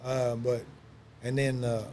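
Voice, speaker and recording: A man's voice: medium pitch, little pitch movement, takes it slowly, warm tone, slight background noise. A man telling loose, profane wrestling stories in a casual chat, full of fillers and asides. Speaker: wrestling podcast guest.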